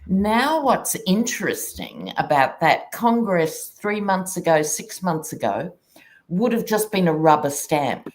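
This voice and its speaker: Low-voiced aussie woman, slow and swingy, blunt jokes in a video-call chat. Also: big pitch swings, darkish tone. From Australia. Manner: blunt, mocking asides. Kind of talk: casual political chat.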